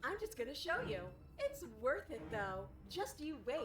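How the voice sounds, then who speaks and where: An actress voicing a playful, menacing princess with a body of blades, in a video game, teasing and sing-song. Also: female voice, high voice, sing-song, moderate pace. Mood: eager. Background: game music.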